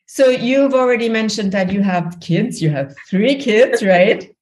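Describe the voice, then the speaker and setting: A woman hosting a podcast interview, chatty and quick to laugh as she prompts her guest. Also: medium pitch, darkish tone. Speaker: podcast host. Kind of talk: casual interview.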